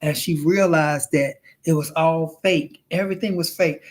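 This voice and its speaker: A flamboyant man retelling a film in a loose, chatty monologue, with a voice on the higher side for a man. He rambles, restarts and swears freely, and keeps calling his listener honey and child. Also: fairly even intonation, a little slow, few pauses. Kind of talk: casual storytelling monologue.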